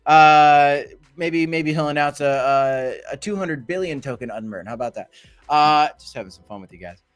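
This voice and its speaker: A man's voice: on the high side, moderate pace, clean tone. A man hosting a casual crypto livestream, who rambles through market talk with many fillers and restarts. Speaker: crypto channel host.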